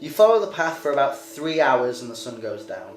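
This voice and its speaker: Game master, hesitant, lively voice, echoey room, faint music. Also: medium pitch, a little fast. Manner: hesitant, many ums. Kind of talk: narrating a tabletop game.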